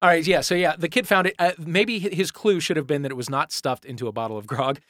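A middle-aged man hosting a comedy panel podcast, wry and expressive, on a close studio mic. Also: on the high side, quick pace, no echo. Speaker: quiz host.

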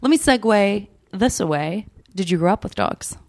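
A woman hosts a podcast in relaxed, casual chat. Her voice sits at an ordinary middle pitch for a woman. She tells stories in a wry, chatty way and laughs easily. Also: moderate pace. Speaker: podcast host.

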